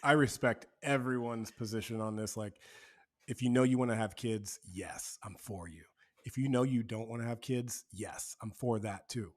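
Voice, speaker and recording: A man's voice: medium pitch, moderate pace. A man talks as a podcast guest in a mid-range voice, earnest and reflective. His speech is casual and loose, full of fillers.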